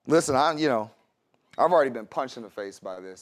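A man's voice: mid-range voice, expressive, brisk. A man preaching a sermon in a conversational way, with laughs and asides to the congregation. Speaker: pastor.

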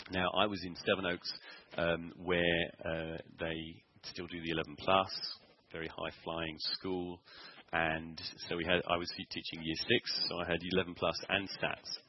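A man preaching in church, telling a personal story earnestly with frequent pauses, ums and restarts. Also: deep voice, level tone, dull audio. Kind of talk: sermon testimony.

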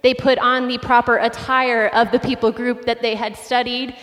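A woman pastor in her late twenties, preaching a sermon with animated, self-deprecating personal stories. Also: on the high side, moderate pace, big-room sound.

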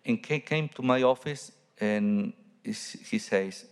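A man, a Catholic priest, giving a homily in halting English and searching for his words. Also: lowish voice, clean tone, long reverb tail.

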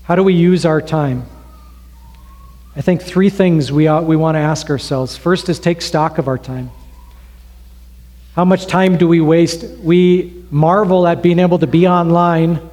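A man's voice: fairly high pitch, steady tone, darkish tone. Conversational man preaching in an echoing hall. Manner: conversational, storytelling with pauses. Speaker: pastor. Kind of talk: sermon with illustration story. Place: church sanctuary. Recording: long reverb of a hall.

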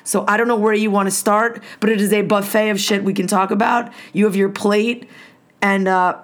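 A woman's voice: medium pitch, steady tone, moderate pace. A woman co-hosting a casual talk show, ranting and swearing freely. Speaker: podcast co-host. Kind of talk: casual chat.

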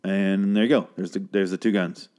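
A show recap podcaster with a low, steady, slightly mellow voice speaks at normal speed on a clean recording. He casually rambles through a TV episode, swearing freely, often trailing off or restarting with a sardonic edge.

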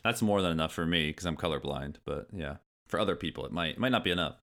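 Deep-voiced joking podcast co-host, a man. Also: a bit bright. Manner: joking, quick to laugh, wisecracking asides. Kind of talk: casual chat.

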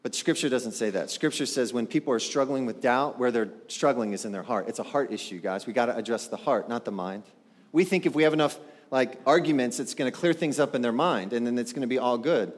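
A male pastor preaching a sermon in an animated way, asking the congregation rhetorical questions. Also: medium pitch, fairly quick. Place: church sanctuary. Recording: long hall reverb.

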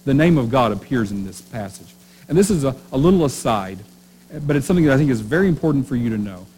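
A man delivers a sermon in an easy, conversational way, often stopping to ask the room a question. His voice sits at an ordinary middle pitch. A faint hum runs under the recording. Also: sing-song, quick pace, a little mellow, low-quality recording. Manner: conversational preaching with rhetorical questions and restarts. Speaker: pastor.

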